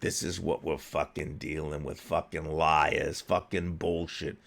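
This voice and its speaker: A man's voice: extremely low pitch, level tone, unhurried, vocal fry. A middle-aged man with a Philadelphia accent, ranting angrily about politics and swearing in nearly every sentence. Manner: swears constantly, grows heated and shouting. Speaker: political commentary host. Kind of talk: angry profane rant.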